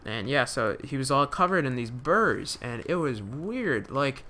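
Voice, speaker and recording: Young guy rambling thru a zombie game, lots of uhs, bright voice, jumpy and swearing when stuff jumps him. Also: mid-range voice, very animated, unhurried. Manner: rambling, many fillers and restarts. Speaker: gaming commentator. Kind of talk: live gameplay commentary.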